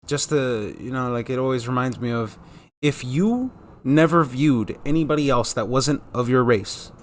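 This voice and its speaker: A man talking in a casual vlog monologue, candid and rambling, swearing freely as he works through his thoughts. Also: medium pitch. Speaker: vlogger.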